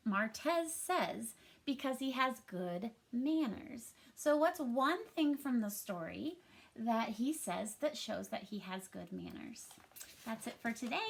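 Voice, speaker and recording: A woman teacher walks young children through a reading lesson in a patient, sing-song classroom voice. Her voice sits a little high and swings widely up and down as she reads out example sentences. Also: a bit bright.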